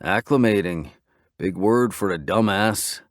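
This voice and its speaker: A man's voice: lowish voice, moderate pace, clear, resonant tone, no room sound, studio quality, close to an everyday voice. A man voicing a tired, hungry biker who jokes and pleads in a whiny, wheedling way.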